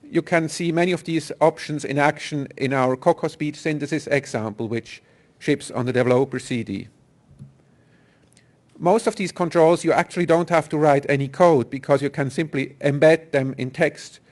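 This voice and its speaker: A man's voice: on the high side, normal speed. A man giving a technical conference talk, explaining step by step with some fillers and restarts. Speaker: software engineer presenter.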